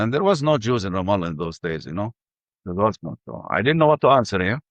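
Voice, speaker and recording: A man's voice: on the low side, big pitch swings, a little fast, dry recording. A man from the Palestinian territories, speaking English, tells his life story as an interview guest, often searching for words and restarting sentences. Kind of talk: personal storytelling.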